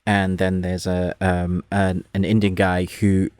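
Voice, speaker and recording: A man co-hosting a casual movie review chat, talking in a rambling, animated way full of restarts. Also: low voice, measured pace, clean tone, no echo, studio quality. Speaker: podcast co-host.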